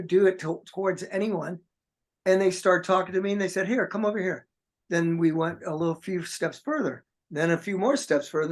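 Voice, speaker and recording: A man being interviewed as a guest musician, telling a long anecdote in a rambling way with many restarts. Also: high-pitched. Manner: rambling, many restarts, acts out quoted voices. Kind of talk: casual storytelling.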